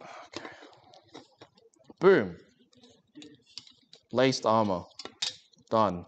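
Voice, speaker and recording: A man's voice: lowish voice, animated, very slow, lo-fi sound, a little hiss or hum. A man chatting casually and joking with viewers while working on a craft during a live stream. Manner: rambling, joking, talks to chat while working.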